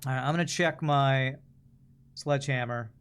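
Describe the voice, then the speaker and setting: A man streaming a puzzle game in a relaxed, musing way, whose sentences often trail off quietly. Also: mid-range voice, moderate pace, clean tone. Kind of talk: casual gameplay commentary.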